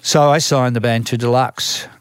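Recorded in studio quality with no echo, this man has a smooth, mid-range voice and a moderate pace. He's Australian and tells lively stories about his music-management work, acting out quoted voices and often restarting sentences as the conversation goes along.

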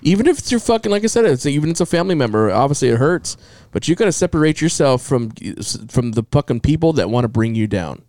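A man's voice: a little high, sing-song, fast, hardly any pauses, darkish tone. A man in casual podcast chat, talking bluntly with constant swearing and ranting.

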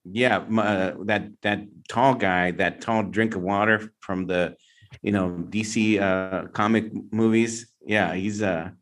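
A man's voice: on the low side, slow pace. A man hosting a podcast in casual chat, telling stories in a rambling way with many restarts. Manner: rambling, restarts often, animated storytelling.

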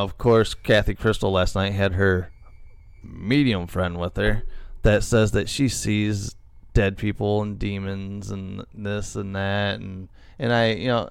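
A man with a low, gravelly voice chats loosely as a podcast co-host. He rambles and restarts often, full of fillers. The sound is dry and close. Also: dry recording. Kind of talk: casual chat.

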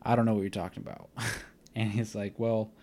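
A young man with a fairly low voice tells a long, casual story. He rambles, fills his speech with "like" and "um", and acts out what each person said. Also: flat delivery, brisk, mellow. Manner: rambling, filler-heavy, retells scenes with quoted dialogue. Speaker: podcast host.

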